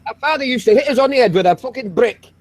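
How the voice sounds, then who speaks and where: A man's voice: very high-pitched, animated, fast, a loud crowd. A man putting on a boastful old Yorkshireman who tells tall tales of a hard upbringing and swears freely. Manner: swears freely, comic exaggeration.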